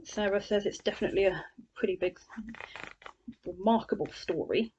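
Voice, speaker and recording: A woman's voice: mid-range voice, moderate pace, a little mellow, lo-fi sound, slight background noise. A woman gives a chatty, sarcastic spoken review of a book, full of scornful asides.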